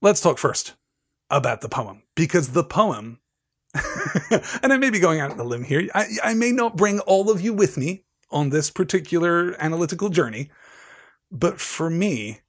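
A man giving a literary lecture with slides, animated and analytical, with frequent digressions. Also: a little high, normal speed. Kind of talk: literary lecture with slides and read-aloud passages.

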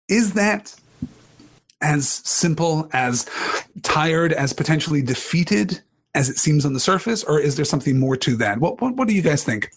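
A man's voice: on the high side, big pitch swings, moderate pace, breathy edge. A man reading aloud from a novel and discussing it with his audience like a literature teacher, enthusiastic and asking questions.

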